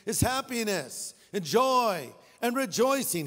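A man preaching a sermon, lively and jokey, acting out little characters as he explains scripture. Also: high voice, a little slow. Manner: animated, jokey, acts out characters. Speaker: pastor. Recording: long hall reverb.

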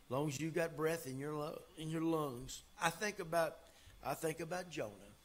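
A man preaching a sermon as pastor, folksy and emphatic, swinging from loud to quiet. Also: on the high side, normal speed, a little hiss or hum.

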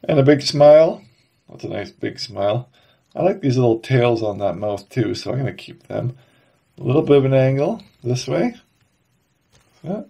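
A man hosting a woodcarving tutorial, his voice stuffy and nasal from a cold. He talks in a relaxed, chatty way as he works, and his tone is mellow and dark. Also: medium pitch, moderate pace, creaky, pauses often, breathy edge. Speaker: woodcarving channel host. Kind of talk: casual carving tutorial narration.

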